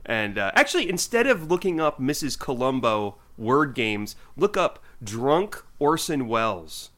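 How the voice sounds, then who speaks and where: A man's voice: medium pitch, big pitch swings, measured pace, fairly bright tone. A man co-hosting a podcast in casual chat, teasing and joking with his co-host. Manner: teasing, playful, keeps joking and apologizing.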